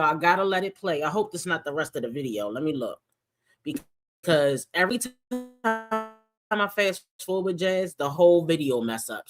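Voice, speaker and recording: A woman hosting a casual reaction stream, talking to her chat with sassy rhetorical questions. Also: fairly low pitch.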